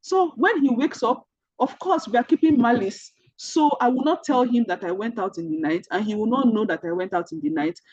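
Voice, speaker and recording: A woman with a Nigerian accent mentors an online group through personal stories, repeating her points earnestly and addressing her listeners directly. Her voice is husky and sits in an ordinary middle pitch. The recording is dull and lo-fi, with a dry, close sound. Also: fairly quick, a little mellow, dry recording. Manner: earnest, repetitive storytelling that speaks directly to listeners.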